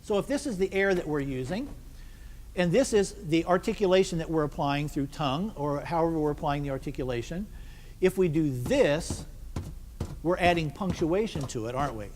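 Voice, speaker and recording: A man's voice: fairly high pitch, animated, moderate pace, a little mellow. A man leading a band rehearsal, asking questions and answering them himself and counting the players in. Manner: counts the ensemble in. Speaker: band conductor. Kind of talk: rehearsal instruction. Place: rehearsal hall. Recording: long hall reverb, faint noise.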